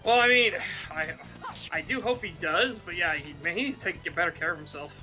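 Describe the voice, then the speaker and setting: A man streaming, chatting casually and excitably, laughing often and swearing freely. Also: high-pitched, brisk. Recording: game music playing behind.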